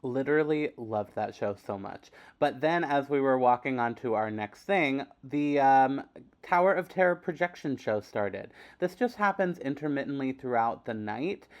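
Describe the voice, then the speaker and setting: A man's voice: medium pitch, animated, moderate pace, soft background music. A man hosting a vlog, narrating in an enthusiastic, chatty way. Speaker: vlog host. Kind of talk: casual vlog voice-over.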